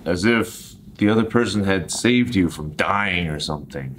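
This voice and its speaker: A man with an American accent teaching everyday English phrases, speaking clearly and deliberately and acting out example lines. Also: low voice, slight background noise.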